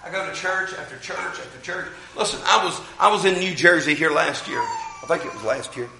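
A man with an Appalachian accent preaching a loud, fervent sermon in a large church hall, breaking in with amens. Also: fairly high pitch, wildly swooping pitch, fairly quick, vocal fry, a little hiss or hum. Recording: echoey hall, mic from a distance.

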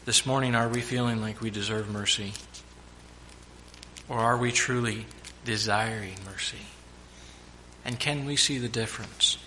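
A man preaching a sermon to his church, now and then shouting out the lines of the story he tells. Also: medium pitch, fairly even intonation, measured pace, long pauses, slight background noise. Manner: preaching with sudden loud acted-out shouts.

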